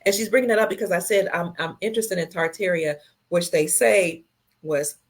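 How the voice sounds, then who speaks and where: A middle-aged woman with a low voice hosts a casual livestream. She reads viewer comments aloud one by one and answers each in a slow, tender way. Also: breathy edge.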